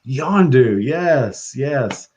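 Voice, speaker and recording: A man talking as a podcast guest, excitable and profane, laughing often. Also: mid-range voice, very slow, a crowd in the background. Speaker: guest practitioner. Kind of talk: casual podcast chat.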